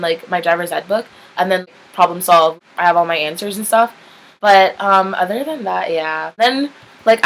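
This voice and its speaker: A woman's voice: mid-range voice, low-quality recording. A young woman chats straight to camera in a loose, rambling storytelling voice. She leans on "like" in almost every phrase and swears casually. A faint hum of background noise sits under her voice. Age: young adult. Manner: chatty, rambling, heavy use of "like", candid swearing. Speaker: vlogger.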